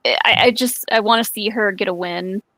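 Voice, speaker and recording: A woman's voice: medium pitch, normal speed, a bit bright, no room sound. A young woman co-hosting a casual podcast chat, speaking hesitantly with many fillers. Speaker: podcast co-host. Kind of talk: casual live-stream chat.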